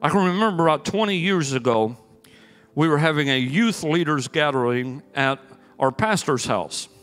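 A man preaches from the pulpit with a high, bright voice. His energetic storytelling swells into emphatic bursts. A long reverb of the church hall trails his words, with soft music underneath. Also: moderate pace, smooth. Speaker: pastor. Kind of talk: sermon. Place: church sanctuary.

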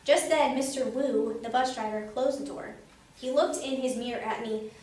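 A woman reading a children's storybook aloud in a lively, playful way, recorded far from the mic in an echoey room. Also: fairly high pitch, moderate pace. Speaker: storybook reader. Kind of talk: children's book read-aloud. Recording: roomy, distant mic, faint hum.

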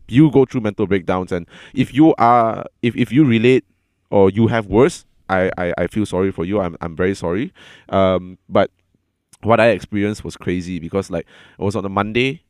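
A man telling a personal story in a casual chat, earnest and halting, often repeating his words as he gathers his thoughts. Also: on the low side, no room sound, studio quality.

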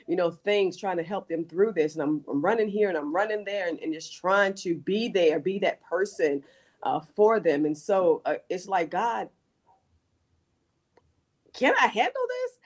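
A woman's voice: fairly low pitch, moderate pace, a little mellow. A middle-aged woman pastor giving her testimony in a talk show conversation, earnest, often restarting and repeating her words. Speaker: pastor, guest.

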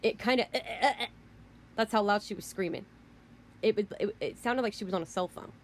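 A woman's voice: mid-range voice, a little fast, slight background noise. A woman vlogger delivering a rant, emphatic and rambling, who keeps repeating herself. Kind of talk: ranting monologue.

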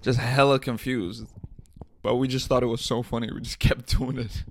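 A man's voice: mid-range voice, flat delivery, normal speed, creaky, slight background noise. A young man hosting his own podcast, rambling and joking irreverently with lots of swearing and laughter. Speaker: podcast host. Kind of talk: casual solo podcast rant.

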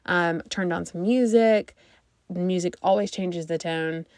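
A woman's voice: fairly low pitch, unhurried, darkish tone, no room sound, studio quality. A woman in her thirties, a mom vlogger chatting casually to her viewers, rambling and thinking aloud.

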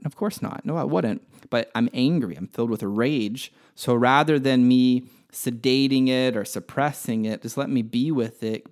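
Hosting a spiritual podcast, a man teaches in a casual, candid manner, cursing freely as he walks through a personal example. His voice is medium in pitch with a darkish tone.

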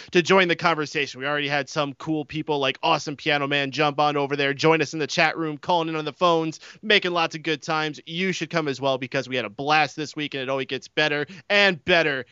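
A man's voice: fairly high pitch, sharp tone, clear, resonant tone, no room sound. A man on a casual podcast eagerly rattling off plugs for his shows. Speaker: podcast co-host. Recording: dull lo-fi dry sound.

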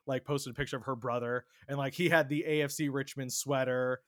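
A man hosting a podcast in casual chat, with a general Southern California accent, joking and quick with asides. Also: medium pitch, steady tone, fairly bright tone, dry recording, studio quality. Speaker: podcast host.

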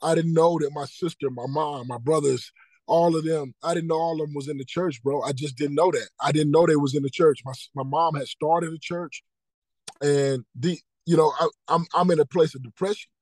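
Man, 30s, high voice, earnest testimony with acted-out quotes, dry close sound. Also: fairly even intonation, a little fast, a little mellow, dry recording, poor audio. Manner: earnest storytelling, repeats key phrases, acts out dialogue. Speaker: podcast guest, motivational speaker. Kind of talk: personal testimony in casual interview.

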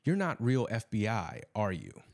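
A man's voice: fairly low pitch, huge pitch swings, moderate pace, a little mellow. A man playing a cold, sneering caged killer. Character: menacing, cultured male imprisoned killer.

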